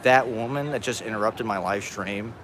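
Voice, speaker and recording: Over busy city traffic, a stoned man broadcasts live through a phone on a selfie stick, laughing a lot as he rambles and swears. His voice is on the low side and he speaks at a normal speed.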